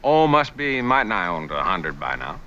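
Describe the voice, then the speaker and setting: A drawling Southern country doctor. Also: male voice, low-pitched, sing-song, normal speed, sharp tone, a little hiss or hum, heavily acted. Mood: drawling, jovial. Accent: Southern US, Georgia. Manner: lazy exaggerated drawl, jovial. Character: spore-blissed folksy country doctor, middle-aged man. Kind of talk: 1960s TV drama acting. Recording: dull old TV soundtrack.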